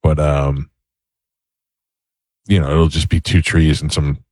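A middle-aged man with a very deep voice talks in a relaxed, chatty way as a morning radio host. His voice sounds dry and close to the studio mic. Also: takes it slowly, dry recording. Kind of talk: casual morning radio chat.

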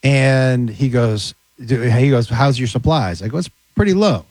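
A man, a comedian guest, chatting casually and telling animated stories. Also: mid-range voice, a little slow, dry recording, poor audio. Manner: animated storyteller, slips into character voices. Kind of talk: casual podcast chat.

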